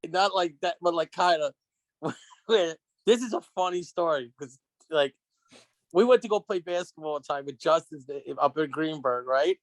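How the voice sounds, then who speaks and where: A man telling profane stories as a podcast guest, animated and laughing as he goes. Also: on the high side, normal speed, no echo. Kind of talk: casual podcast storytelling.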